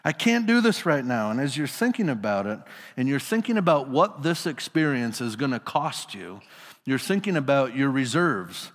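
A man's voice: mid-range voice, big pitch swings, moderate pace, in a large hall. A male pastor preaching a sermon in a casual storytelling manner, putting his listeners into the scene.

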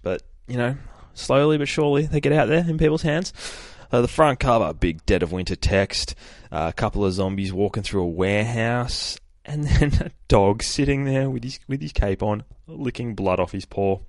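A man's voice: mid-range voice, normal speed, few pauses, no echo, studio quality. A man hosting a podcast, casually retelling a comic with frequent swearing and laughter. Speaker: podcast host. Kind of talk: casual comic book review.

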